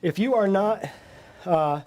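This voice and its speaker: A man's voice: high-pitched, animated, slow, a little mellow. A man hosting a natural health show, lecturing a live audience bluntly and emphatically, often firing rhetorical questions at his listeners. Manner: blunt and combative.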